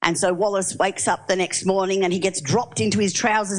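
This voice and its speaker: A woman preaching a sermon, telling stories in a lively way and asking the audience questions. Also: medium pitch, a little fast, few pauses. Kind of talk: sermon with storytelling.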